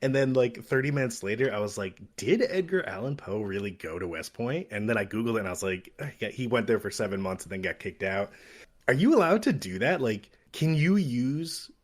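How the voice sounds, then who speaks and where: A man's voice: mid-range voice, animated, brisk. A man co-hosting a podcast, talking in an easygoing, rambling way. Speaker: podcast co-host. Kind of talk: casual chat.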